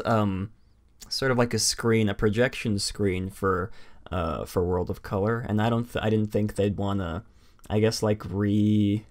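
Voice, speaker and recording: A young man co-hosting a casual podcast chat, rambling with many fillers and restarts, and he has the hiccups. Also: lowish voice. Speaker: podcast co-host.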